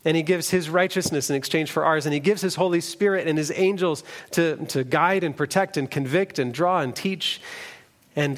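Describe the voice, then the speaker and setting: A man preaching a sermon, reading scripture aloud in an earnest way with the odd restart. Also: on the high side.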